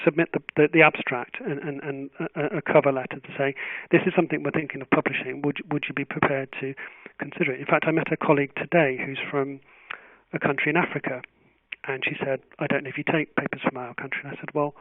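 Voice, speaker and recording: A man answering webinar questions as a journal editor, speaking in a thoughtful, measured way with frequent restarts. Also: on the high side, steady tone, no echo. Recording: tinny phone-like webinar audio.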